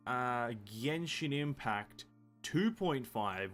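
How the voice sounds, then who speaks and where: A man's voice: medium pitch, expressive, slow, soft background music. A man streaming a video game, rambling casually with self-mocking asides, swearing freely and tripping over words as he reads game text aloud. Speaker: gaming streamer. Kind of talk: casual live-stream chat.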